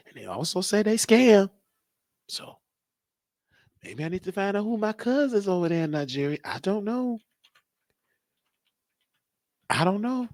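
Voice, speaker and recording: A man hosts his own live-stream show in a loose, rambling monologue, cracking jokes and thinking aloud. His voice sits somewhat high and swings widely up and down, and the sound is dry and close. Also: no echo. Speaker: show host.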